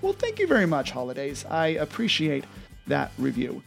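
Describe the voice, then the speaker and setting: Upbeat high-voiced man hosting a podcast. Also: creaky, faint music behind. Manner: upbeat, animated storytelling with quick bursts. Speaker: podcast host. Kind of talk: podcast monologue, storytelling.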